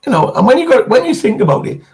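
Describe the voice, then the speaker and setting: A man's voice: very high-pitched, sing-song, fast talker, gravelly, darkish tone. A middle-aged man, chatting bluntly on a live stream and swearing freely. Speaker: co-host. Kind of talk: casual chat on a live stream.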